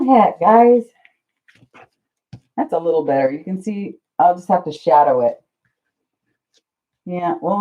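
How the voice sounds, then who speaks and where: A woman's voice: sits low, mellow. A woman hosting a casual crafting livestream, flustered and self-deprecating, chatting to her viewers while she works. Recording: dull lo-fi livestream audio.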